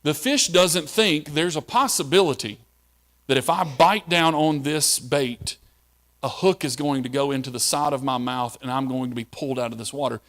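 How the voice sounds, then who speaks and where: A male pastor preaches in a conversational style, asking his listeners questions. His voice is medium-pitched and fairly bright, at a normal speed.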